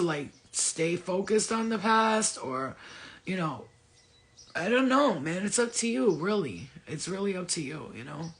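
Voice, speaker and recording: A high-voiced man with a husky edge delivers a loose, profane pep talk straight to his viewers. His speech is blunt and rambling, full of asides and repeated points. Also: a bit bright. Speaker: spiritual vlogger. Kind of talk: casual motivational rant.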